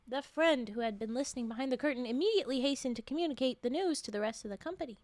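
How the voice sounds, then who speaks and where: A woman's voice: sits high, lively intonation, racing, few pauses, a little mellow, dry recording. A woman reading a classic tale aloud on a livestream, breaking off for joking asides, her voice strained and short of breath. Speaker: storyteller streamer.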